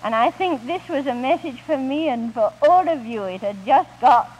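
A woman speaking at a 1950s Christian camp meeting, gently telling homely stories as she ministers, on an old archival recording. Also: sits high, animated, normal speed, slightly rough, lo-fi sound. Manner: gentle storytelling with homely anecdotes. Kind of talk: 1950s recorded devotional talk.

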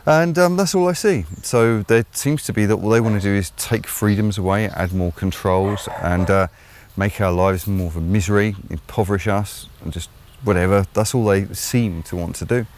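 A man's voice: on the low side, moderate pace, a little mellow, slight background noise. A man with an English accent giving opinionated solo commentary, rambling and hesitant with lots of fillers and blunt, sardonic asides. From England. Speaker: vlogger host.

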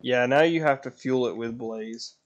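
A man's voice: medium pitch, moderate pace. A man streaming a game live, grumbling and swearing with sarcasm while chatting to his baby son. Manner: talks to his baby son between tasks. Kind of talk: casual gaming live stream chat.

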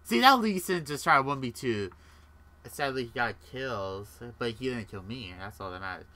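A young man with a very bright, sharp tone talks through his gameplay in a loose, rambling way. He jokes as he goes, swears freely and quotes his own in-game reactions. He sounds like he is at a desktop mic in a room at home. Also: mid-range voice, expressive, normal speed. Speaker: gaming commentator. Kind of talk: casual gameplay commentary.

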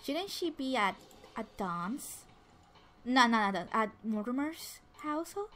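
A let's play narrator, a woman with a slightly high, expressive, fairly bright voice, casually comments on a life-simulation game at a measured pace. She chats along, voices the sims' dialogue herself, and restarts often.

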